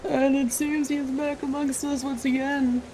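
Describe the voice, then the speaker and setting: A man voicing a solemn old male village priest with slow, grave delivery, read off game text. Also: very high voice, little pitch movement, a crowd in the background.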